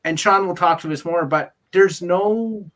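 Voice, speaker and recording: Co-host, male, higher register, exasperated animated ranter on a film chat show. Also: measured pace. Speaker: podcast co-host. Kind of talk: casual film discussion.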